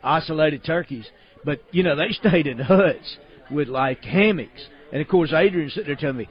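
A man's voice: fairly high pitch, normal speed. A man with a Southern accent, hosting a casual chat in a folksy, joking way. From Alabama. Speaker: show host. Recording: dull lo-fi audio.

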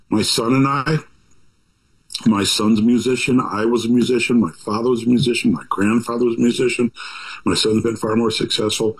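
An older man, an author, talks about his book in a lowish voice on poor audio. His reflective, conversational monologue rambles in a folksy way, full of asides and restarts.

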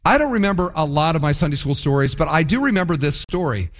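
A man preaching a sermon, reading scripture and retelling the story with lively, acted-out asides. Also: fairly high pitch, quick pace. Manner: lively storytelling, acts out voices of the people in the story. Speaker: pastor. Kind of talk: sermon, Bible teaching.

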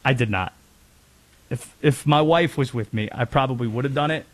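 A man's voice: mid-range voice, moderate pace. A man from North Carolina hosting a casual sports talk show, chatty with rambling asides. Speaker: sports radio host.

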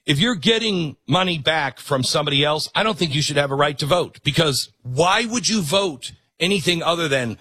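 A man hosting a political commentary show, sarcastic and animated. His husky voice swings widely in pitch. The sound is close and dry. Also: normal speed, hardly any pauses, no room sound. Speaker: host.

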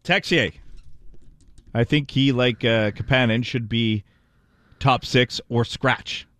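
A man's voice: medium pitch, slow, a bit bright, dry recording. A man co-hosting a radio sports talk show in a laid-back, teasing way.

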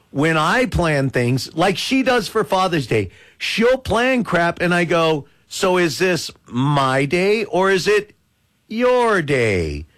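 A man hosting a talk radio show who spins a joking, self-mocking story. His voice swings up and down in a lively way as he tells it. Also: high-pitched. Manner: animated, joking, self-mocking dad humor. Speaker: radio host.

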